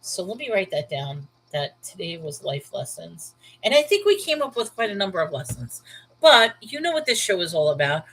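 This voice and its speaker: Speaking in a sing-song way at a moderate pace, a woman with a lowish, fairly bright voice hosts a relaxed Bible livestream. She's from New York, in her thirties, with a Brooklyn accent, and chats candidly and emphatically with viewers by name; the low-quality recording has a little hiss or hum.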